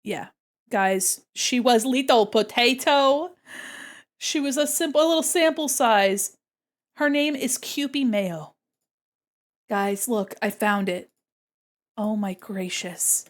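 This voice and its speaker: A young adult woman chatting casually on her art livestream, excitable and gushing, giggling often. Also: fairly high pitch, slow, long pauses. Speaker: art streamer.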